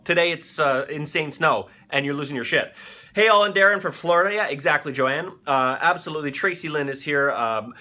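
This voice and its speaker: A male live show host who reacts to clips with loud, swearing excitement and lots of filler words. His voice is bright and forceful and slightly high, and it swings widely in pitch as he talks. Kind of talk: live commentary on viral videos.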